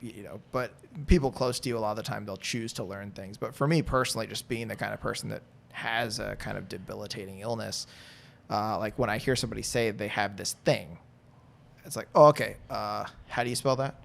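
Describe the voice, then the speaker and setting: Podcast guest, man in his 30s, low gravelly voice, candid and rambling. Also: fairly even intonation, a little fast, slight background noise. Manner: rambling, candid, filler-heavy. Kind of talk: casual chat.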